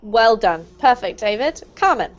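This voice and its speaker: A woman teaching a live online pronunciation class, praising students warmly and laughing often. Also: big pitch swings, unhurried. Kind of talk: live online group lesson. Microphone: video call. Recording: dull low-fidelity video call audio.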